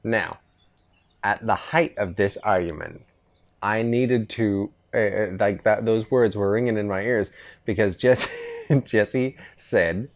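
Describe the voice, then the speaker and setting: A middle-aged man with a lowish voice tells stories in a relaxed, rambling way, often stopping and restarting his sentences. He is hosting a casual chat out on a veranda. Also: takes it slowly. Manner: rambling, easygoing storytelling with restarts. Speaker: podcast host. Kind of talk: casual father-son chat. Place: outdoor veranda.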